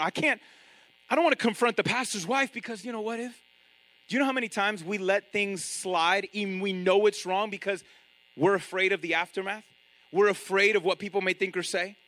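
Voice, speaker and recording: Male pastor, very high bright voice, lively sermon delivery with acted-out quotes. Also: poor audio. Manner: animated preaching, acting out voices of others.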